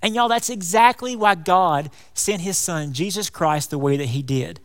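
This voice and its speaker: A man preaching a folksy, animated sermon, calling his congregation y'all. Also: sits high, moderate pace. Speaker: pastor. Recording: long hall reverb.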